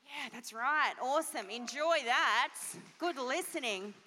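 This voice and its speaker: A woman pastor giving an animated children's sermon, asking the kids questions. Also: sits high, a little slow. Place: church hall. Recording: long church hall reverb.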